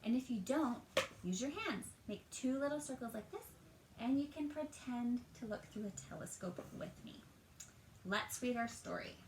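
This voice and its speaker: Her voice on the high side, a woman teacher gives a lively storytime read-aloud of a picture book for young children at home. She draws out words and asks the kids questions, while the echoey room carries background noise.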